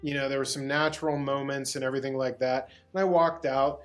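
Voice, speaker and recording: A man's voice: mid-range voice, fairly even intonation, fairly quick, soft background music. A man from Pittsburgh, a guest actor, tells a long anecdote in an interview, rambling with restarts and bursts of laughter. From Pittsburgh, USA.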